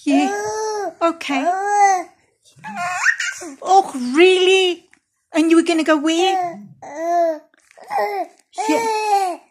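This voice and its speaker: A woman speaks in very high, doting baby talk to a small child. She draws her words out slowly and coaxes in a sing-song way. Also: noisy background. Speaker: caregiver talking to a baby.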